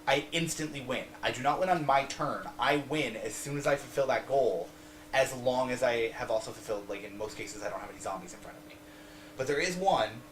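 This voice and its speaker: Fast-talking man in an echoey room. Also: medium pitch, fairly bright tone. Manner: quick, eager interjections, swears freely. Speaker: podcast co-host. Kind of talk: casual board game review chat. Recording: roomy room sound with faint noise.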